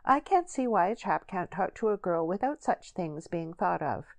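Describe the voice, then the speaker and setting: A woman's voice: lowish voice, expressive, normal speed, gravelly, dry recording, pitched above the performer's own voice. A woman reading aloud as a vain, spiteful young village woman in a storybook. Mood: sniffy.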